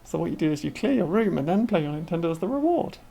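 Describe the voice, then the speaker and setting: A woman's voice: on the low side, big pitch swings, quick pace, creaky, warm tone, husky. A woman VTuber giving casual, chatty commentary as she plays a game, talking to herself and laughing. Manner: chatty, talks to herself while playing, laughs often. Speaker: VTuber streamer.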